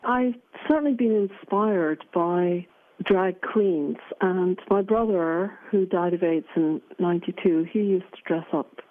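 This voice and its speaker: A woman from Scotland, a performer speaking as a guest in a radio interview. She talks thoughtfully and pauses often. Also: fairly low pitch. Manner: thoughtful, with frequent pauses and fillers. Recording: narrow phone-like radio audio.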